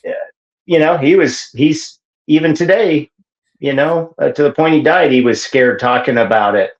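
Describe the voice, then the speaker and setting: A man's voice: a little high, normal speed. Middle-aged man telling a story over a dull, roomy line. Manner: rambling storytelling with many "you know" fillers. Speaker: guest, hunter telling his story. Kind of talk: casual storytelling.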